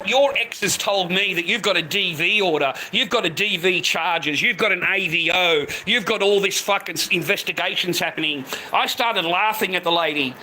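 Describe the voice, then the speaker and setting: A middle-aged man rants angrily on a live stream, swearing and ending nearly every line with "mate." His high voice sounds pushed and bright. The audio is poor, with slight background noise.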